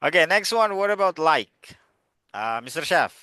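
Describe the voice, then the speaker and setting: A man's voice: on the high side, big pitch swings, moderate pace, sharp tone, clear, resonant tone, dry recording. A man teaching an online English class, encouraging students and calling on them by name.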